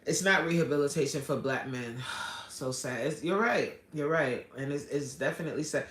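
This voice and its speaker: A male fitness coach hosts a casual live stream and reads viewer comments aloud in a bright, slightly high voice. He speaks earnestly, restarts his sentences and apologizes often. The room around him is noticeably echoey. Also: moderate pace. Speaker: fitness coach and livestream host. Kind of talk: casual livestream chat reading viewer comments.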